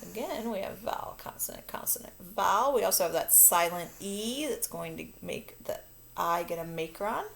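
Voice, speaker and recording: Gravelly-voiced woman teaching phonics. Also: on the low side, animated, moderate pace. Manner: patient, step-by-step explaining. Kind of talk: online phonics lesson. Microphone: recording her own video lesson.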